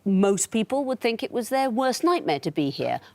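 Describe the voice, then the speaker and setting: A woman's voice: a little high, very animated, moderate pace, darkish tone, no echo. A woman hosting a TV quiz in a studio, with a dry, teasing wit. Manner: dry, witty, lightly teasing. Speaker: quiz show host.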